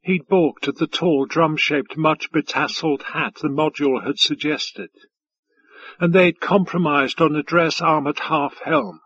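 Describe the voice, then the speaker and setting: A man reading a science fiction novel aloud in measured, even storytelling. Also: a little high, breathy edge, dull audio. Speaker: audiobook narrator. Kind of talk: scripted narration.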